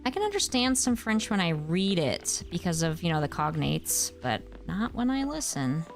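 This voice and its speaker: A woman's voice: lowish voice, very animated, moderate pace, soft background music. Chatty young woman streaming a game. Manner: rambling, chatty, reacts to chat. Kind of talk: casual gameplay stream chat.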